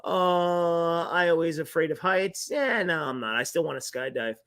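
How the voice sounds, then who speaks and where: A man hosting a livestream, telling stories in casual chat, animated and profane, acting out quoted dialogue. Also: fairly high pitch, normal speed. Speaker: livestream host.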